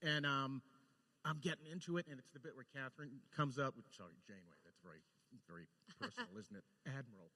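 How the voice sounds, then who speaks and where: An animated man tells a story in a bright, forceful voice, acting out quotes and laughing as he goes. The sound rings with a long reverb. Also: medium pitch, fast. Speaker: storyboard director guest. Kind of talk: lively anecdote-telling.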